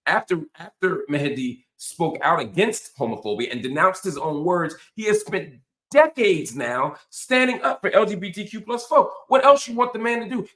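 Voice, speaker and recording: A man's voice: fairly high pitch, fairly bright tone. A man hosting a political commentary monologue, talking in emphatic, impassioned punches. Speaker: host.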